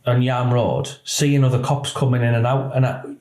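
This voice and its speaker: A former police officer, speaking candidly in an interview, his story halting and emotional with many restarts. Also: mid-range voice, fairly even intonation, darkish tone, a little hiss or hum. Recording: roomy echo.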